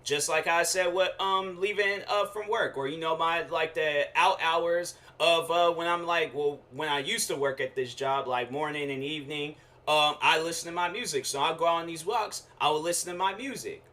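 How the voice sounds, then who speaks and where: A young man hosting his own show, telling a casual slangy rant with lively quoted asides. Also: on the high side, normal speed, few pauses. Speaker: show host.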